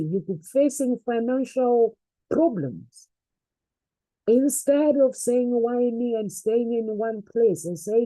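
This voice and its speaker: A woman's voice: a little high, mellow, no room sound, low-quality recording. A woman giving an earnest, faith-based motivational talk, repeating phrases for emphasis. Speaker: motivational speaker.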